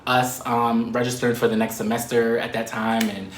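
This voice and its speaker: A man telling a story to the camera in a casual, animated way, swearing and laughing often. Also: mid-range voice, moderate pace, roomy sound, slight background noise.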